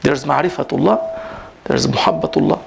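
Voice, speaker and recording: A man giving an informal religious talk to a gathering, rising in pitch for emphasis and mixing in Arabic phrases. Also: big pitch swings, normal speed, gravelly, background noise. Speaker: Sufi teacher giving a talk. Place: prayer hall at a community gathering.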